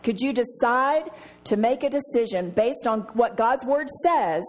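A middle-aged woman leads a Bible study in a fairly high voice. She talks earnestly and with emphasis, and she circles back to repeat her key phrases. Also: lively intonation, a little slow. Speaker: women's Bible study teacher.

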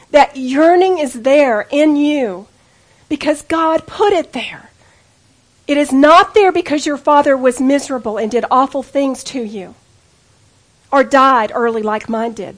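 High-voiced woman preaching. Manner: earnest storytelling, intimate and pleading. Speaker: women's speaker. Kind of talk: personal testimony sermon.

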